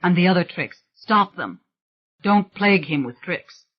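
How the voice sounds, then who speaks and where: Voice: mid-range voice, expressive, a little slow, highs cut off. Reader voicing a defiant frightened woman.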